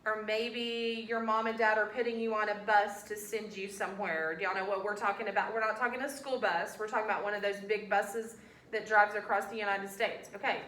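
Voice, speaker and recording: A woman teacher, coaxing her class along with a steady stream of questions. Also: mid-range voice, a little fast, a little hiss or hum. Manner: animated, coaxing, quizzing students with questions. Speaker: elementary school teacher. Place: classroom, indoors. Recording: echoey classroom from far off.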